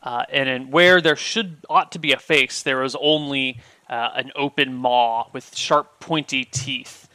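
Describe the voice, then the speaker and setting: A man acting as game master, narrating scenes and calling for dice rolls in a relaxed, descriptive way. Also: medium pitch, clean tone, no room sound. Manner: descriptive, unhurried scene-setting.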